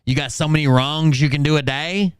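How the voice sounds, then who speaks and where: Crude, sarcastic male commentator, smooth voice. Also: on the high side, steady tone, a little fast, dry recording, clean studio sound. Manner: crude, sarcastic, profane ridicule. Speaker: reaction commentator. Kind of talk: mocking commentary on a played clip.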